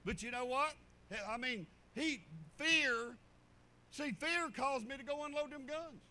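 A man's voice: extremely high pitch, a little slow, sharp tone. A man preaching a sermon, folksy and storytelling, repeating phrases for emphasis. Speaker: pastor.

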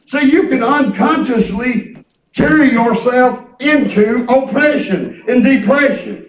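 A high-voiced male preacher talks through his message like a chat, folksy and rambling, repeating words as he goes. He sits back from the mic, and the room around him rings with echo. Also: takes it slowly. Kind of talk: conversational preaching. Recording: echoey room, distant mic.

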